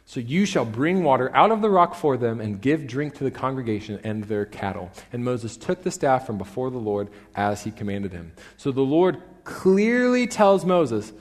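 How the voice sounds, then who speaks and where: A male pastor preaching a sermon in a church, telling stories with animated emphasis. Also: medium pitch, moderate pace, hardly any pauses. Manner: animated storytelling, rising to emphatic peaks. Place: church sanctuary. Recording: long reverb in a church hall.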